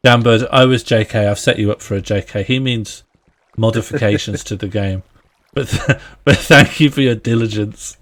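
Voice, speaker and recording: This gamer's voice is on the low side and moves at a normal speed. Streaming live, he playfully chats with his audience and friends, laughing often and narrating to himself while playing.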